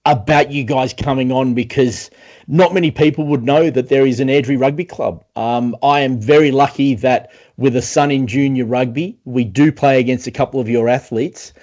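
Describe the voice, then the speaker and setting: A man's voice: mid-range voice, fairly even intonation, normal speed, darkish tone, lo-fi sound. A man co-hosting a community rugby podcast, chatting upbeat and casually with his co-host and guests. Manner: upbeat, chatty, says mate. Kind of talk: casual chat.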